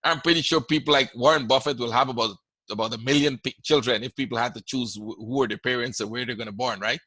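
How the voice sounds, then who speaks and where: The voice is a man's, medium in pitch with fairly even intonation, fast, pushed and bright, and free of room sound. With a Guyanese accent, he hosts a trading webinar, chatting through audience questions and often asking "right?" in this live Q&A.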